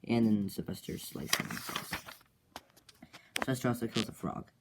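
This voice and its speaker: A man's voice: fairly low pitch, very animated, normal speed. A man casually retelling an adventure story he made up, hesitant, with many ums and restarts. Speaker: comic creator retelling his story. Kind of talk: rambling casual story recap. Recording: clear background noise.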